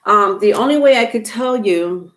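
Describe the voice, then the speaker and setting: A woman's voice: mid-range voice, animated, normal speed. A woman giving a casual tarot reading to her viewers, chatty and instructive, with many fillers and restarts. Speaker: tarot reader.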